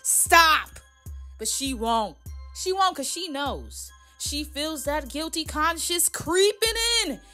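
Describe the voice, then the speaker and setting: A woman giving a casual, animated and profane recap of a reality show, full of opinions. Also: a little high. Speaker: reality TV commentator.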